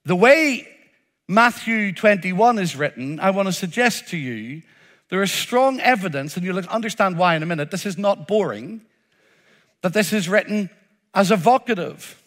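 A man's voice: sits high, lively intonation, normal speed, fairly bright tone. A man preaching a sermon, emphatic, acting out the crowd's cries with a rising voice.

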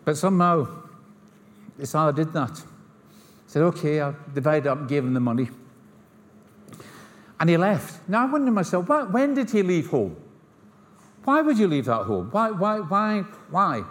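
A middle-aged man with a Scottish accent delivers a sermon in a slightly raised pitch, spinning stories with wry humor and voicing the people in them. His words carry a long reverberant tail from the large hall around him. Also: sing-song, moderate pace, long pauses. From Scotland. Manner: storytelling, humorous asides, acts out dialogue. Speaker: pastor.

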